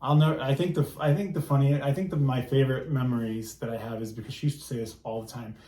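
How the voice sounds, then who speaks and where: A man's voice: medium pitch, fairly even intonation, fast talker, warm tone, reverberant. A man who is a guest on a podcast, reminiscing in a rambling, fond way. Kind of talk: casual chat.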